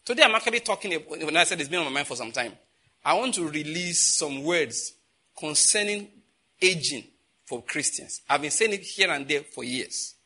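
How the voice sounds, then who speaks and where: A man's voice: a little high, animated, moderate pace, bright, forceful tone. A man preaching a sermon, asking the congregation questions and answering them himself, with emphatic repetition. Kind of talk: sermon teaching.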